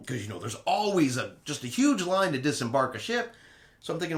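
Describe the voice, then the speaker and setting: Animated man telling cruise stories. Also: on the high side, brisk, reverberant. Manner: animated storyteller who acts out quotes dramatically. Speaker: travel vlog host. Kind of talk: casual recap chat.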